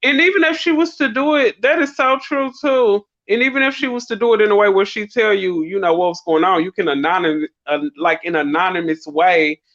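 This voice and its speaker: A woman's voice: mid-range voice, brisk, hardly any pauses, a bit bright, no echo. A middle-aged woman on a live-stream panel. She talks in a reflective, earnest way with long winding turns. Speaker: panel guest. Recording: dull, dry lo-fi stream audio.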